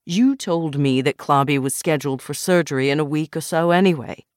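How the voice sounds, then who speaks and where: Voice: medium pitch, fairly quick, no room sound, studio quality, close to an everyday voice. A narrator voicing a hesitant man in his seventies. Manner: hesitant, mild. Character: hesitant older man scientist, 76. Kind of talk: audiobook character voice.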